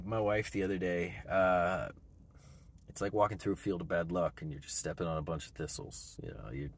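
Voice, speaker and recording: A man's voice: fairly low pitch, darkish tone, dry recording. A man in his thirties, a vlogger giving himself a reflective, reassuring pep talk, chuckling often. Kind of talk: personal self-pep talk.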